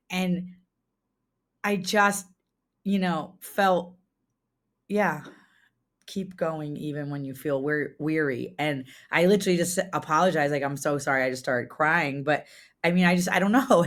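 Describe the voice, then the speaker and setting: Earnest woman with a low voice. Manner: earnest, lots of "like" and restarts, voice rising when moved. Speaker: guest, farmer and former restaurateur. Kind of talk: emotional conversational storytelling.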